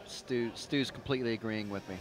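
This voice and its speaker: A man with a mid-range voice talks briskly, though the audio quality is poor. He's delivering rambling, chatty race commentary live from the trackside of an outdoor racetrack, using lots of fillers.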